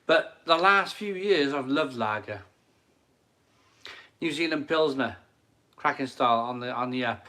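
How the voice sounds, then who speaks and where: A middle-aged man live streams from his home kitchen, reading viewer comments aloud and repeating his phrases in an enthusiastic, rambling, casual way. His medium-pitched voice is pushed and bright, measured in pace, with long pauses.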